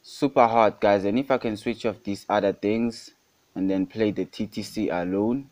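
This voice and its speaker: In this casual screen-recorded music production tutorial, a young adult host from South Africa speaks with a fairly low, slightly mellow voice at a moderate pace and fairly even intonation. A beat runs underneath while he keeps saying guys and calling things super hot.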